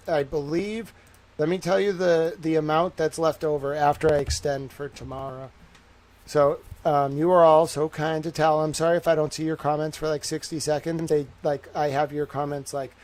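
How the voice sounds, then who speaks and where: A man chats through a casual livestream in a slightly high voice. He rambles upbeat to his viewers, half talking to himself as he types. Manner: rambling, thinks aloud while typing. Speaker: livestream host.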